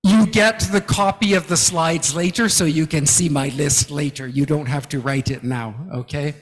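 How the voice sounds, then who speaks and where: Man lecturing, high voice, unhurried, big reverberant hall. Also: steady tone. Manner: slow, emphatic teaching with frequent "okay?" checks. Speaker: guest lecturer. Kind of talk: lecture to academics.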